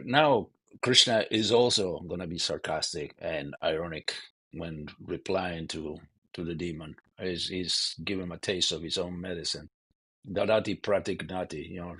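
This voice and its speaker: A man's voice: deep voice, moderate pace, fairly bright tone, husky, dry recording. A man giving a devotional scripture lecture in a loose, conversational way, often saying "you know". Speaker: scripture class speaker.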